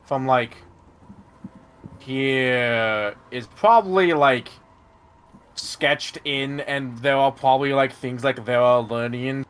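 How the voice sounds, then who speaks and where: A man running a tabletop game as game master, explaining in a halting way full of fillers and restarts. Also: medium pitch, a bit bright, clear, resonant tone.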